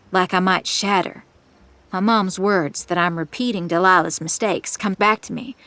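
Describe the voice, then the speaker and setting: A woman's voice: medium pitch, a bit bright, no room sound. A woman narrating in the first person with tense, suspenseful delivery, on a close studio mic. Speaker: audiobook narrator.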